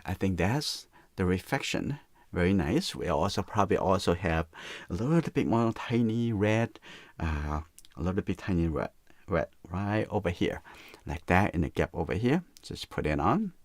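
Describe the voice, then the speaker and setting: A man with teaching watercolor in a relaxed live painting demonstration, softly talking through each step and often saying "okay, that's good.". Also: low-pitched, no echo.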